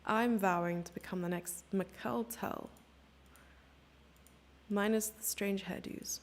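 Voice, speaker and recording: A woman streamer talks through a chess game live, thinking aloud over the moves and teasing herself along the way. Her mid-pitched voice has a gravelly edge. She is from Germany and keeps it casual and chatty. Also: steady tone, takes it slowly, slight background noise. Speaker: chess commentator.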